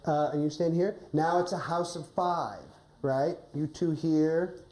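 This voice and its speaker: A woman's voice: low-pitched, measured pace, dark tone, echoey room, low-quality recording. A woman coaching a teacher during a class, thinking aloud and often checking in with "right?".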